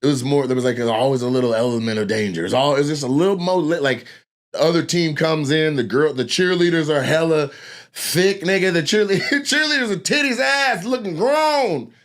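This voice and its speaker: A man in his thirties telling animated, profane stories in a casual way, acting out other people's voices. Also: on the high side, brisk. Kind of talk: casual storytelling.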